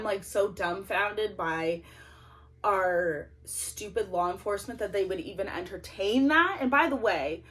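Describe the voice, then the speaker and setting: A woman's voice: medium pitch, fairly bright tone. Indignant woman ranting to camera. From Canada. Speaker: political vlogger. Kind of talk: emotional monologue to camera. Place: small closet at home. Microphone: no microphone, camera's built-in mic.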